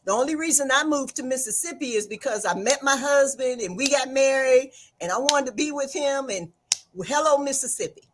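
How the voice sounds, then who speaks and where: A woman with a high voice tells everyday stories with animation, acting out the people she met along the way. She talks in an easy, chatty way on a livestream. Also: a little fast, background noise. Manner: animated storyteller, acts out quotes, laughs often. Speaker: guest. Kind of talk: casual storytelling chat.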